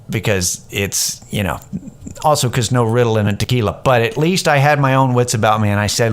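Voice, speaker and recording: A man's voice: medium pitch, fairly quick. Guy in his 30s rambling thru a story on his podcast, swears a lot, super candid. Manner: candid, rambling, profane, animated when quoting others. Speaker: podcast host. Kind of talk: casual storytelling monologue.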